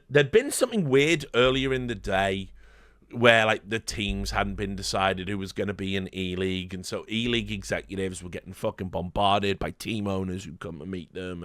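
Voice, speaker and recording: Deep-voiced man, rambling. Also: a bit bright, dry recording, studio quality. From Britain. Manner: rambling, swearing, laughing. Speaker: streamer host. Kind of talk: casual storytelling.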